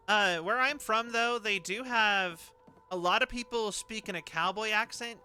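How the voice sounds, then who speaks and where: Young man, streamer, rambling chatter, very bright tone, raised pitch. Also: a little slow, smooth, faint music behind. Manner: rambling, chatty, laughs between thoughts. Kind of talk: casual game commentary.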